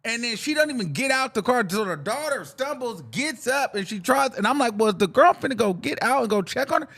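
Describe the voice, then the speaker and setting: A young adult man hosting a podcast, telling a rambling, profane, animated story in casual talk and acting out the voices in it. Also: extremely high pitch, brisk, vocal fry. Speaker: podcast host.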